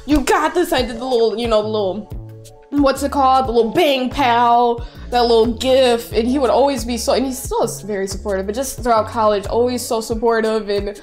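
A young woman on a live stream reading out congratulation messages, effusive and excitable, often breaking into laughter. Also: fairly high pitch, fairly quick, soft background music. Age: young adult. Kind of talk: casual live-stream chat.

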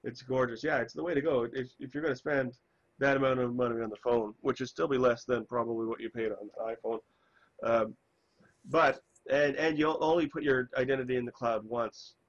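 A man streaming a game, chatting in a rambling, self-interrupting way while hoarse from a cold. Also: medium pitch, steady tone, fairly quick, lo-fi sound. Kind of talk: casual chat while gaming.

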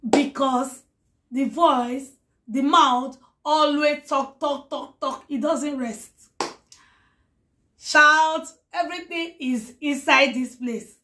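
A woman vlogger with a hoarse voice, talking warmly and effusively to her followers, blessing them and repeating her words. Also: sits high, fairly even intonation, slow. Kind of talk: casual talk to followers.

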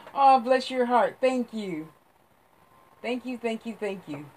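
A woman hosting a casual psychic livestream speaks very slowly in a slightly high, sing-song voice. She rambles effusively, laughs often, and gushes over her viewers as she chats.

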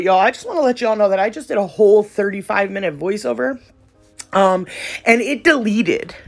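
A chatty woman narrates her nail tutorial. She speaks with a gravelly, fry-laced edge, slightly high pitch, and playful slang. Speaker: nail tech vlogger. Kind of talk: casual voiceover tutorial.

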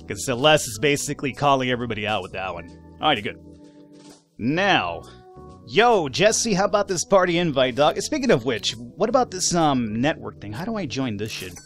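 Animated man doing let's-play commentary. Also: mid-range voice. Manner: animated, swearing, laughing, talking to the game characters. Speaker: gaming YouTuber.

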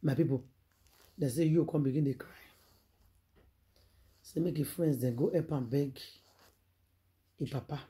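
Emphatic Nigerian-accented gossip vlogger, mellow voice. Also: medium pitch, measured pace, pauses often. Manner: emphatic, rhetorical questions, preachy. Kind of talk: dramatic storytelling commentary.

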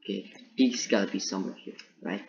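A woman's voice: rumbling low, brisk, vocal fry, darkish tone. A woman giving live gameplay commentary, jumpy and panicky, talking to herself and to her opponent. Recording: dull lo-fi mic with faint noise.

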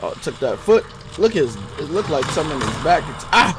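A man streaming a game live, chatting casually with viewers in slang and swinging from low muttering to loud outbursts. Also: big pitch swings, fast talker, heavy background noise. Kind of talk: live gameplay commentary.

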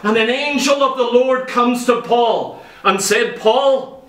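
A man's voice: very high voice, a little slow, fairly bright tone. A man preaching a sermon with passion, acting out the voices of people in his stories. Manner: impassioned, acts out quoted voices in stories. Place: church. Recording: echoey church from far off.

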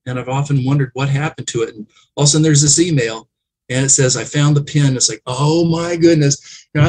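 A man's voice: medium pitch, slightly rough, rough recording. A man, a guest on an interview show, telling reflective and emotional family stories in a conversational way.

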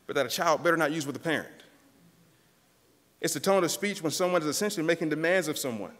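A man's voice: fairly high pitch, in a large hall. A pastor preaching a sermon in a church, earnest and direct, often turning to his listeners as "church". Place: church sanctuary.

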